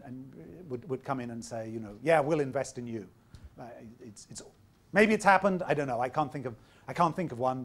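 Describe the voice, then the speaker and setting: A man who is losing his voice gives an informal talk to an audience of entrepreneurs. He speaks directly and with emphasis, often repeating words while he thinks. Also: mid-range voice.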